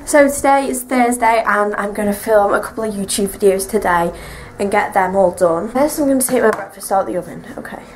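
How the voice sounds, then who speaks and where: A woman's voice: mid-range voice, a little fast, a crowd in the background. Young woman, casual home vlog, rambling, chatty, filler-heavy. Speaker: vlogger. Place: home, indoors and garden.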